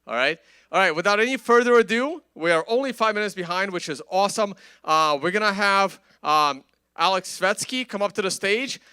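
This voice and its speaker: A man's voice: high voice, brisk, sharp tone, clean tone. A man hosting a live conference on stage, making loose, chatty announcements with plenty of fillers. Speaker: conference host.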